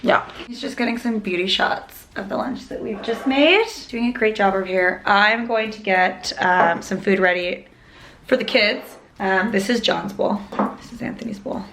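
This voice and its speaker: A woman's voice: mid-range voice, moderate pace, a bit bright. A woman chatting casually while cooking, joking and thinking aloud as she goes. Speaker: vegan cooking vlogger. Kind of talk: casual cooking vlog chat. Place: home kitchen. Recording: echoey kitchen, faint noise.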